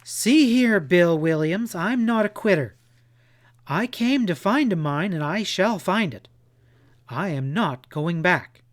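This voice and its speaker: A man's voice: medium pitch, animated, fairly quick, few pauses, mellow, close to an everyday voice. A male audiobook narrator voicing a proud, stubborn young woman traveler who speaks defiantly. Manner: defiant, emphatic.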